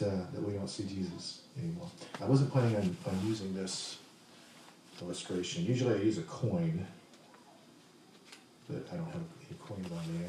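A man's voice: sits low, warm tone, heavy reverb, distant mic, slight background noise, poor audio. A man preaching a sermon in a conversational way, asking the congregation questions as he goes. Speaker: pastor.

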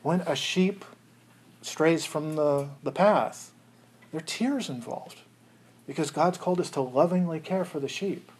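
Husky earnest preacher man. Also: on the high side, a little slow. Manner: earnest, with many restarts and chuckles. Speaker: pastor. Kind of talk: sermon.

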